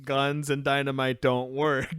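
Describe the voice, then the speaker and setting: A man's voice: mid-range voice, level tone, takes it slowly, fairly bright tone, clear, resonant tone, no room sound, studio quality. A young man co-hosting a casual anime review podcast, recapping scenes and acting out the characters' lines. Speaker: podcast co-host.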